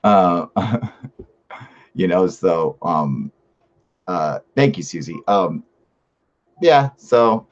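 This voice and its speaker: A man with a fairly low voice talks loosely and at length as a live-stream host. He rambles, swears freely and pushes his points hard while answering comments. The sound is muffled and lo-fi. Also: expressive, very slow, pauses often. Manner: profane, rambling, emphatic. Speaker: live-stream host reading viewer chat. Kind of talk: casual live-stream chat.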